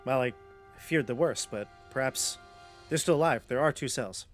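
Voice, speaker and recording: A frightened but earnest freed captive woman, played by a man in his own voice, talking quickly and softly. She sounds tense and hurried, with no dryness in the room. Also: medium pitch, soft background music, lightly acted. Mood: worried.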